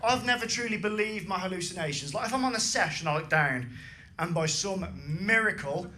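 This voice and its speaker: A young Englishman does stand-up with a high, bright-edged voice and a brash, swearing punch to every line. He is recorded live on a club stage, and clear room noise and laughter sit under him. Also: expressive, fairly quick. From England. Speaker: stand-up comedian. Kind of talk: stand-up set.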